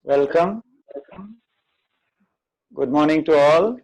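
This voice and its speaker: A man with an Indian accent, a chef hosting a webinar, talking loudly and practically on a video call. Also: on the high side, poor audio. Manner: loud, hurried, practical. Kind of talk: casual chat on a video call.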